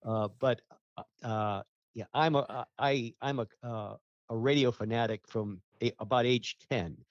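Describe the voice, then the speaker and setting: A man's voice: mid-range voice, fairly even intonation, moderate pace, no echo. Man with a dull, dry recorded voice. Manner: rambling, full of fillers and restarts. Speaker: guest, radio ratings researcher. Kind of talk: casual interview talk.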